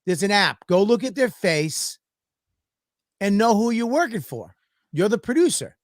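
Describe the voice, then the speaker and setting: A man's voice: sits high, big pitch swings, a little slow, no echo, clean studio sound. A man co-hosting a podcast, telling a story in a profane, ranting way. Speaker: podcast co-host. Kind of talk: casual podcast chat.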